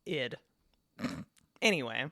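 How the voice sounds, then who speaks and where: A woman's voice: extremely low pitch, animated, slow pace, sharp tone, dry recording, studio quality. A woman co-hosting a podcast in casual chat, rambling and often laughing. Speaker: podcast co-host.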